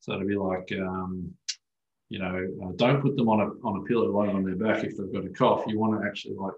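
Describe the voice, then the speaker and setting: Man, low voice, osteopath guest, casual podcast chat, swears a lot, animated storyteller, echoey room. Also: brisk, highs cut off.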